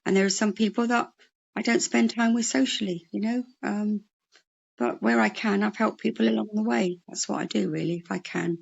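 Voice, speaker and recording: A woman, a comedian and mental health worker, telling lively anecdotes in an interview. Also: medium pitch, moderate pace, vocal fry, slightly rough, dull audio. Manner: animated anecdotal storyteller. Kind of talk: storytelling interview chat.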